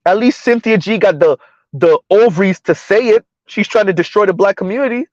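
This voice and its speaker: A man with a fairly high voice hosts a casual live stream, answering his chat with mocking sarcasm. The sound is dry, with no room around it, and a little dull. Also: brisk, dry recording.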